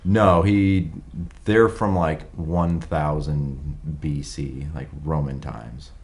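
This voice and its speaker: A man co-hosting a casual podcast chat, telling stories and joking with friends. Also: slow pace. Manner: animated storyteller, jumps into high-pitched put-on voices for jokes. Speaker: podcast co-host.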